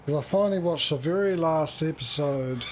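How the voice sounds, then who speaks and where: While playing a game on a livestream, a man chats casually, talking to himself and joking at his own expense. His voice is on the high side at a moderate pace, with a little hiss or hum in the recording.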